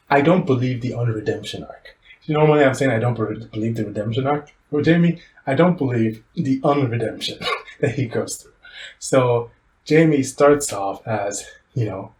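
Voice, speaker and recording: Man, mid-pitched voice, joking podcast banter, roomy echo, faint noise. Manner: teasing, joking. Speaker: podcast co-host. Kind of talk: casual chat.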